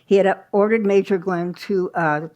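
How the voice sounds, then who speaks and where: A woman's voice: medium pitch, steady tone, moderate pace, darkish tone. A woman giving a live history talk at a small museum, telling the story conversationally with asides and small restarts. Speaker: history presenter.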